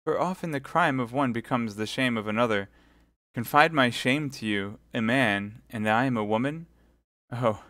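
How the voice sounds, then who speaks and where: A man's voice: on the low side, normal speed, sharp tone, no echo, clean studio sound. A man voicing a scheming captive noblewoman who pleads and seduces in a theatrical way. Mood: anguished.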